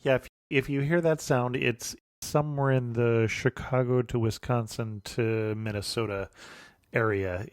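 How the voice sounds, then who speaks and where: Male podcast host, mid-pitched, easygoing and chuckling, recorded dry and close. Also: unhurried, no echo. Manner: relaxed, chuckles often, brief affirmations. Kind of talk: conversational interview.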